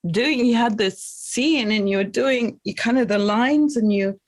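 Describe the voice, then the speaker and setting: An English woman actor in casual conversation, speaking haltingly with warm, affirming remarks. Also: a little high, no echo.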